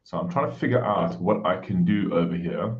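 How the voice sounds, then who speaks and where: Deep-voiced man, muffled stream. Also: a little fast. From South Africa. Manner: friendly, greets viewers by name, keeps voice down. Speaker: livestream host. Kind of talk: casual live-stream chat. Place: home room.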